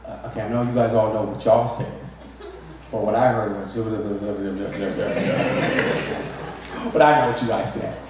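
A man in his thirties preaching a sermon as pastor, repeating words and restarting often, with lively emphasis. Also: mid-range voice, a little fast, noisy background. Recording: echoey hall, mic from far off.

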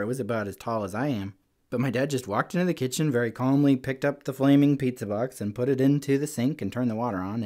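A man's voice: mid-range voice, a little mellow. A man hosting a children's segment, telling rambling stories in a chatty way with lots of "like" and "you know".

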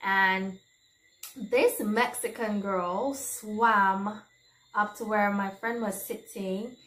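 A woman's voice: medium pitch, fairly even intonation, very slow, fairly bright tone. A woman telling a candid, chatty storytime vlog, breaking into exclamations as she recounts events. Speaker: vlogger. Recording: roomy echo.

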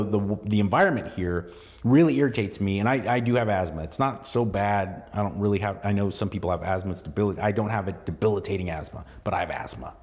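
A man's voice: lowish voice, darkish tone, in a large hall. A man from southern California hosting a podcast, talking in a loose, rambling solo monologue with lots of restarts and cursing. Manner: rambling, profane, full of restarts and asides. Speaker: podcast host.

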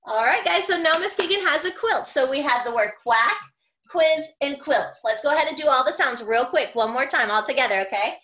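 A woman teaching a phonics lesson to young children, sounding out words slowly and clearly and praising them cheerfully. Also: sits high, expressive, a bit bright, highs cut off. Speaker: kindergarten teacher.

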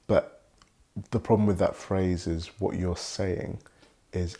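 Deep gravelly young man, measured and thoughtful. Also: fairly even intonation, dark tone. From Britain. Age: young adult. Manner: measured, thoughtful, polished professional delivery. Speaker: guest. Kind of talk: reflective conversation.

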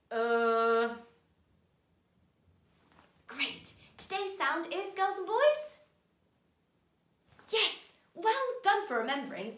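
A woman teaching a children's phonics lesson, animated and encouraging, stretching out sounds slowly. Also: on the high side, roomy sound.

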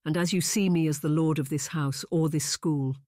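A man voicing a soft-spoken young marquis. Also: steady tone, dry recording, studio quality, close to an everyday voice. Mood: insistent. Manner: slow, soft, low-spoken. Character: young aristocratic man, gentle and insistent. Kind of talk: audiobook character voice.

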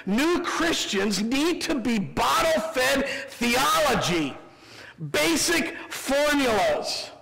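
A man with a Midwestern American accent, preaching a sermon as pastor, animated and humorous with quick asides. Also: very high voice, vocal fry, heavy background noise. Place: church sanctuary. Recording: church sanctuary with long reverb.

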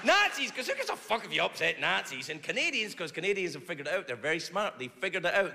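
A male comedian doing profane, animated stand-up in a large theater before a live audience. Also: high voice, fast, gravelly, hardly any pauses, noisy background. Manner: profane, animated, mock-indignant. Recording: echoey hall, loud crowd laughter.

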